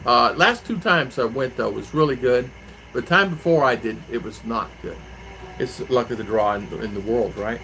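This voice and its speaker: Bright-voiced man chatting on a live stream. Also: medium pitch, normal speed, slight background noise, poor audio. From Arizona, USA. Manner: rambling, chatty, answers viewer comments. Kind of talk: casual live stream chat.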